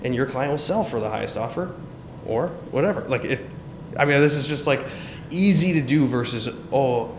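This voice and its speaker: Realtor guest, man, mid-pitch, lively storyteller acting out voices, faint hiss behind. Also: a little fast. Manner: animated, acts out quoted dialogue. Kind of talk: casual interview storytelling.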